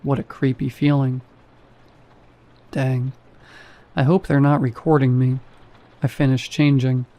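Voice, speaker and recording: A man's voice: medium pitch, little pitch movement, a little slow, long pauses, dark tone. A man reading a first-person horror story aloud in a wry, casual storytelling manner. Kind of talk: scripted first-person narration.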